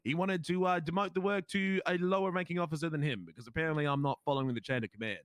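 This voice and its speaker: A man's voice: on the high side, very fast, smooth, no room sound. Australian man, role-play cop, indignant, emphatic, dry close sound. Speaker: police officer in a role-play game. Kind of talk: in-character role-play storytelling.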